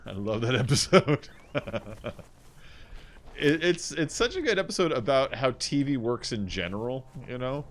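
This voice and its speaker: A man's voice: mid-range voice, big pitch swings, unhurried, slight background noise. A man streaming from home, chatting casually in a rambling way, often laughing and mimicking voices. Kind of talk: casual chat. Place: small room at home.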